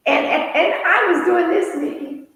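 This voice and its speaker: A middle-aged woman co-hosting a casual chat, telling a story in an animated way and laughing often. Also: very high-pitched, normal speed. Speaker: podcast co-host. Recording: very echoey room with long reverb.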